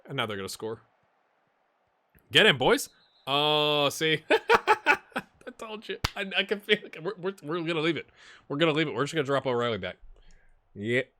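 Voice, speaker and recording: A man hosting a gaming channel, casually commenting while he plays, chatty and rambling, with laughs and sudden excited outbursts. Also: medium pitch, no room sound. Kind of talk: casual commentary while playing a football management game.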